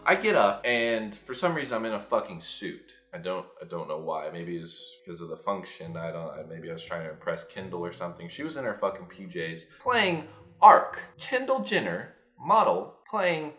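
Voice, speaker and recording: Casting: young guy, swearing storyteller, wildly lively pitch, echoey room with faint music. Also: moderate pace. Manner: animated, profane, jumps into loud high-pitched impressions. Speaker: YouTuber telling a story. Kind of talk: casual storytime vlog.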